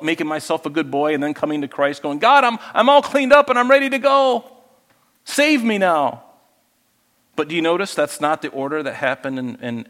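Conversational pastor in a reverberant hall. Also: male voice, a little high. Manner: conversational, asks the congregation questions and acts out voices. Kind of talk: sermon.

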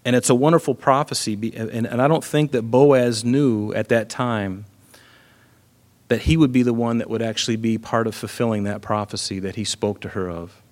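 A man preaching a sermon in an earnest, conversational way, often filling pauses with "you know". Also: mid-range voice, steady tone, a little mellow. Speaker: pastor.

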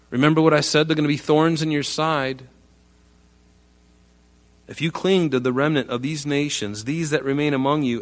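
A male pastor delivering a sermon, reading Bible verses aloud and explaining them with earnest emphasis. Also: a little high. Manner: earnest, emphatic, reads scripture aloud with rising force.

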